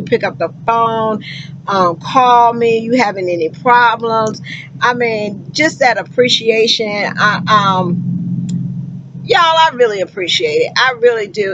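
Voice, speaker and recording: A woman's voice: a little high, highs cut off, background noise. A woman truck driver and recruiter talking casually to her viewers, effusive and folksy, calling them honey and child. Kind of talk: casual vlog talk to viewers.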